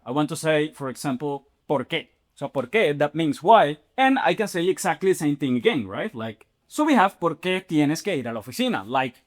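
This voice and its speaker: A man teaching in an online lesson, lively and repetitive, checking in with "okay?" and "right?" after most points. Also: on the high side. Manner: animated, repeats "okay?" and "right?" often. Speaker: Spanish teacher.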